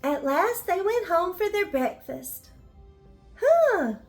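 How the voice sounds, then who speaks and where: An older woman reading a children's bedtime story, gently asking the listening children questions as she goes. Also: very high-pitched, animated, measured pace, soft background music.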